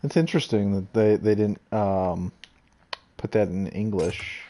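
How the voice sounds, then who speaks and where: A man hosting a let's play, talking casually over gameplay in a halting way with lots of fillers. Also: lowish voice, warm tone.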